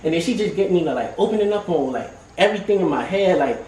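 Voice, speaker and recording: A young man speaks in a high voice for a man, relaxed and slangy, full of fillers as he opens up to the group. The sound is roomy and picked up from some way off. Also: quick pace, a little hiss or hum. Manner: slangy, loose, says "you feel me" and "like" again and again. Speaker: team member sharing his story. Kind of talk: casual heartfelt testimony in a group circle. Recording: roomy, from a distance.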